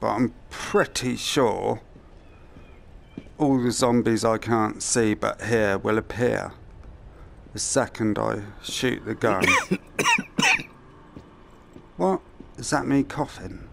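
A man's voice: on the low side, slow, creaky, pauses often. A man thinking aloud to himself as he plays through a video game, giving let's-play commentary into a headset mic. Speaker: gamer.

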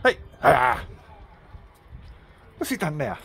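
A man's voice: mid-range voice, huge pitch swings, very slow, gravelly, a bit bright, a little hiss or hum. A man filming his dogs in a garden, teasing and cheering them on with a chatty, laughing manner. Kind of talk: casual talk to pets while filming. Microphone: handheld camera.

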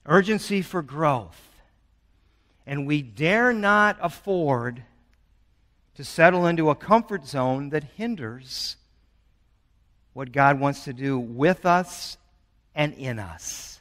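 A man's voice: fairly high pitch, animated, takes it slowly, pauses often, fairly bright tone. A man in his sixties preaching a sermon as pastor, earnest and urgent, mixing personal stories with scripture. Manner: earnest, building urgency with storytelling. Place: church sanctuary. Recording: long church reverb.

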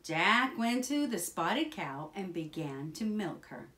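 A woman with a mid-range voice reads a children's picture book aloud, going slowly in an expressive, sing-song style.

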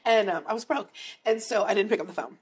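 A woman's voice: medium pitch, fast, a little mellow, breathy edge. A middle-aged woman, an actress, telling stories in an interview in a chatty way, full of "like", acting out the voices in her anecdotes. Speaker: actor and singer, interview guest. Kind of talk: animated storytelling in a sit-down interview.

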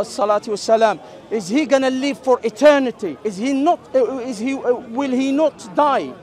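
A man in an open-air debate, explaining points at length, cutting in on others and reciting Arabic verses quickly. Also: extremely high pitch, a little mellow, soft background music, some chatter behind. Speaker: street debater. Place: outdoor public park.

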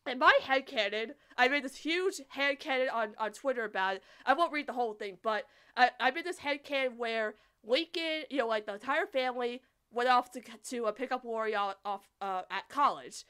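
A woman hosting a podcast, chatting casually about a cartoon in an animated, rambling way. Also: fairly high pitch, clear, resonant tone. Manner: animated, rambling, quick to laugh. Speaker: podcast host.

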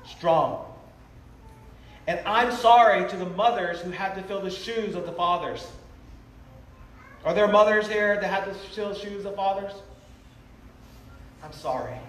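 A man preaching an emotional revival sermon, earnest and pleading, drawing out his phrases tenderly. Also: high-pitched. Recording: roomy, distant live sermon audio with faint noise.

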